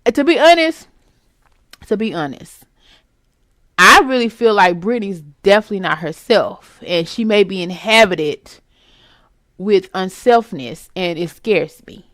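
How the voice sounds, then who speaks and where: A woman hosting a casual celebrity gossip commentary vlog, sassy and animated, throwing out rhetorical questions with some swearing. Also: mid-range voice, unhurried, dry recording, clean studio sound. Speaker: commentary vlogger.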